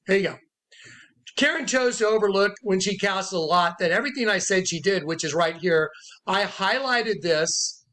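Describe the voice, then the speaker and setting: A high, expressive, sharp-toned man's voice at a moderate pace tells a rambling personal testimony to camera. He is a self-styled prophet describing a dispute, emphatic and repetitive, acting out quotes with his voice raised.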